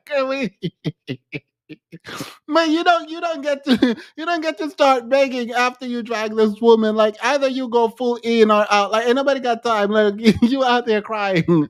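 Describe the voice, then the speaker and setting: A woman's voice: fairly high pitch, measured pace, dry recording, dull audio. A woman hosting a podcast, casually reacting to a clip, laughing often and mocking playfully. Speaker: podcast host.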